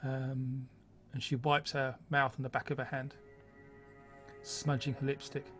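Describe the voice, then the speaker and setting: A man's voice: medium pitch, flat delivery, unhurried, fairly bright tone, soft background music. A man narrating a tabletop game as game master, in a loose, rambling way that corrects itself as it goes.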